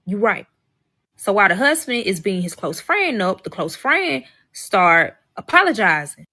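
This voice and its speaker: Young woman storyteller, bright tone, animated and profane, mid pitch. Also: moderate pace. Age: young adult. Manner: profane, emphatic, animated, acts out quotes. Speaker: storyteller in a social media clip. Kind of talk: casual storytelling to viewers.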